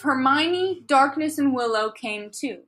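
Young woman, podcast co-host, bright and a touch high, animated and exasperated, reads text aloud with salty commentary. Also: slow. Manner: animated, exasperated, swears freely, bursts into laughter. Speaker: podcast co-host reading a fan story aloud. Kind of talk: casual podcast chat and dramatic reading.

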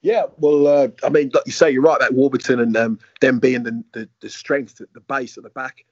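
Brummie ex-footballer spinning yarns, husky, muffled dry sound. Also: male voice, mid-range voice, fairly quick, dry recording. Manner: animated, acts out quoted voices. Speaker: former footballer and coach, guest. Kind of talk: anecdotal storytelling.

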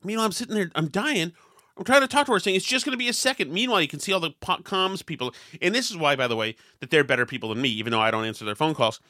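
A man's voice: on the high side, animated, very fast, pushed and bright, no room sound, studio quality. A man hosting a podcast, telling a self-deprecating story in casual chat and acting out the quotes with lots of animation. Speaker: podcast host.

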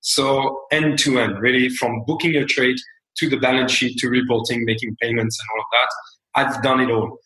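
A man whose first language is French speaks English with a French accent as an interview guest. He talks at an unhurried pace, self-deprecating and often trailing off quietly. His voice sits at a mid pitch and carries a roomy echo. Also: fairly even intonation. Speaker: guest, company co-founder. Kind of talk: interview answers.

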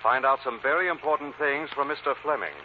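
Actor voices a brisk, urgent male lead; thin tinny 1940s radio. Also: mid-range voice, music in the background, natural voice. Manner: clipped, urgent, commanding. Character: brisk determined male crime-fighter. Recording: tinny old radio recording.

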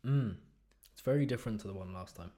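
A man's voice: on the low side, fast talker, warm tone. Jokey man co-hosting a chat. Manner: jokey, self-mocking, laughs often. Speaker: podcast co-host. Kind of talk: casual chat.

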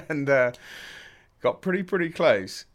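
A man's voice: a little high, lively intonation, takes it slowly. A young man from England, a podcast guest, telling a story in a laid-back way with lots of fillers and frequent laughter. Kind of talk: casual storytelling.

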